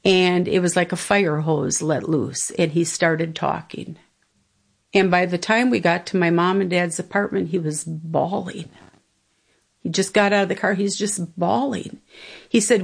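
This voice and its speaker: Gravelly-voiced woman, reflective. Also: on the low side, normal speed, faint music behind. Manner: reflective, conversational, quotes others' words. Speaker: interviewee. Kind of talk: personal storytelling.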